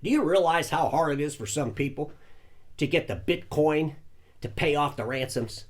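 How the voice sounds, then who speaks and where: Mock-earnest older man, lively pitch. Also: moderate pace. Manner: folksy, mock-earnest, chuckling asides. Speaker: satire news host. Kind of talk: deadpan satirical news monologue.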